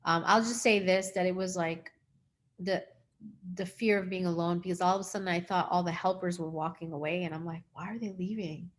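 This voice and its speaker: A woman's voice: on the low side, steady tone, a little fast. Rambling woman recounting an intense experience. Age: adult with a young daughter. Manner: rambling, heavy use of "like" and "um"; acts out quoted dialogue. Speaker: host sharing her own experience. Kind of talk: casual interview storytelling.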